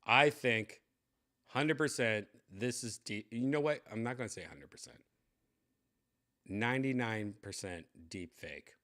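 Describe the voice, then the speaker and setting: A man hosts a live stream and chats casually to his viewers. He rambles in an excitable way and leans on constant fillers. His voice sits at an ordinary middle pitch. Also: measured pace. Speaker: streamer host.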